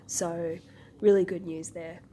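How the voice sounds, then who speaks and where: A woman's voice: lowish voice, little pitch movement, slow, mellow, slight background noise. A woman travel vlogger with a sick-sounding voice, giving practical, wry explanations. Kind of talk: informative travel vlog.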